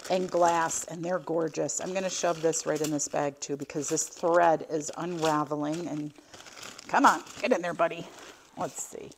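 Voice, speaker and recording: A woman's voice: lowish voice, a little hiss or hum. Gushing chatty woman reseller. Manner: gushing, chatty, exclaims often. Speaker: vintage reseller unboxing finds. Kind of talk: casual chatty unboxing vlog.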